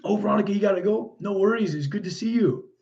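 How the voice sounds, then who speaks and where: Male streamer, mellow voice, easygoing viewer chat, quick to exclaim, dull lo-fi sound. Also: high voice, gravelly. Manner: chatty and easily delighted, frequent exclamations and laughs. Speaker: livestream host. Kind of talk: casual live chat reading viewer comments. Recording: muffled lo-fi stream audio.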